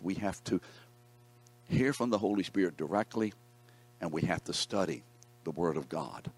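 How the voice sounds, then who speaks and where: A man's voice: deep voice, breathy edge. A man teaching a Bible class, reading scripture aloud and putting questions to his students in a conversational way.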